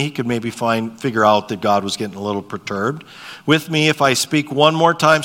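A man's voice: medium pitch, normal speed. Guy pastor preaching, reads the bible story then chats with the people, long church echo. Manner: conversational, asks the congregation questions by name; reads dialogue with lively shifts. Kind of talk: sermon with scripture reading. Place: church sanctuary. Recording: long hall reverb.

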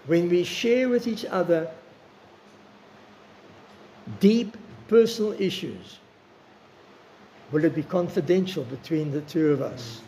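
An older man preaching with earnest, personal warmth, his voice a little high with a gravelly edge. He slows down to stress his words. Faint room noise sits under the recording. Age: 60s. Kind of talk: sermon.

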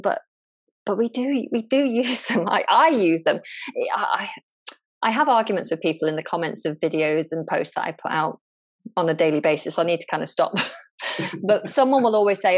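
A woman who teaches English, a guest in a relaxed interview, talking thoughtfully and often restarting her sentences. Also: mid-range voice, normal speed. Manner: thoughtful, frequent restarts and repeated words. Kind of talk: casual conversational interview.

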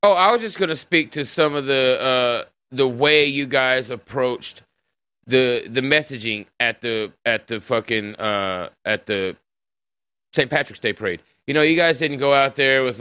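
Male stream host, bright and smooth, loose profane rambler. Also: mid-range voice, dry recording. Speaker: podcast host. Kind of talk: casual livestream conversation.

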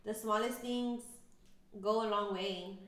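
A woman's voice: mid-range voice, steady tone, slow pace, a bit bright, roomy sound. A woman co-hosting a podcast, telling stories in casual, slangy chat full of ums. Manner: chatty storyteller, slangy, frequent ums. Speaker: podcast co-host.

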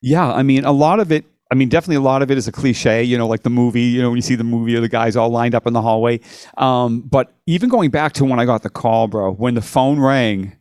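A man's voice: medium pitch, fast, darkish tone, smooth, no echo, studio quality. A man, a guitarist guest, telling stories in a loose, rambling way, full of "you know" and "like". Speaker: guest musician. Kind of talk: casual storytelling interview.

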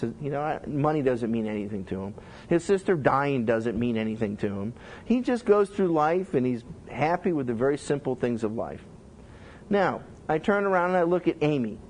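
A middle-aged man preaching as a pastor, telling lively stories and acting out the people he quotes. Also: medium pitch, normal speed, a little hiss or hum. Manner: animated storytelling, acts out quotes. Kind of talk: sermon teaching.

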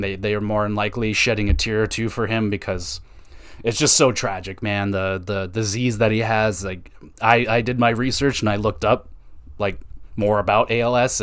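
A young man hosting a podcast, talking through hockey games in an excitable, profane, casual way, tossing "man" and "dude" into his sentences. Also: mid-range voice. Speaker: podcast host. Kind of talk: casual sports podcast monologue.

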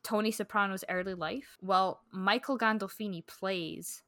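Bright-voiced woman in rambling chat. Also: medium pitch, measured pace, dry recording, studio quality. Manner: rambling, filler-heavy, animated storytelling. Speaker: podcast co-host. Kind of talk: casual book-club chat.

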